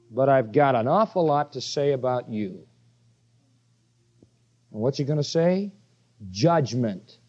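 A male preacher with a high, lively voice that leaps up and down as he drives his points home. He preaches with emphasis and fires rhetorical questions at his listeners. The recording sounds dull and lo-fi. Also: a little slow, pauses often. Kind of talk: sermon.

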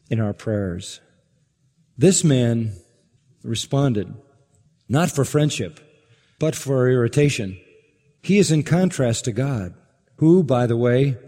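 A man's voice: medium pitch, husky. Man, pastor, sermon, emphatic, rhetorical questions, long hall reverb. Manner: emphatic, rising to forceful peaks, rhetorical questions.

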